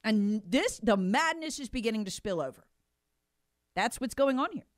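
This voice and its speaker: Woman, middle-aged, political commentary, emphatic, animated, dry sound. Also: on the high side, moderate pace, no room sound. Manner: emphatic, indignant, sarcastic mock quotes. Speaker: talk show co-host.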